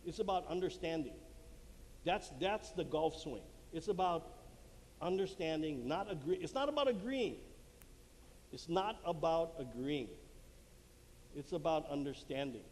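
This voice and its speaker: Man, high lively voice, conference talk, echoing hall, faint room hum. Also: measured pace, long pauses. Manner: animated, acts out quotes, laughs at own jokes. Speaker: marriage conference speaker. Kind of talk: lively talk to a live audience. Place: church hall before an audience. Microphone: handheld mic. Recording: long hall reverb, faint room noise.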